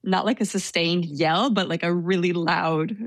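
A woman with a fairly low voice tells a story in an easygoing, hesitant way. Her delivery is self-deprecating and full of fillers. The sound is dry and close. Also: steady tone, measured pace, no echo. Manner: hesitant, self-deprecating, laughs while telling. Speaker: interviewee telling a story. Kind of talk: casual storytelling.

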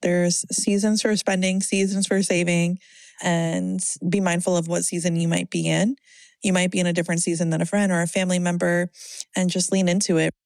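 A woman financial therapist giving calm advice in an interview clip. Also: fairly low pitch, fairly quick, gravelly, no echo.

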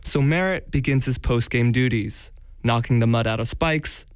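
A man's voice: mid-range voice, normal speed, clean tone, no echo. A man giving scripted radio story narration with a playful, teasing delivery. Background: music.

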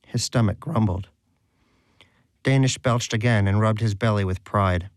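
A man narrating a storybook in a dry, wry, measured manner. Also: lowish voice, dry recording.

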